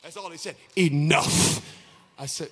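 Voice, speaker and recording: Brief: male pastor, impassioned sung-and-shouted sermon, high bright voice, slow delivery in a reverberant church. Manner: impassioned, half-sung preaching that swings from shouts to low asides.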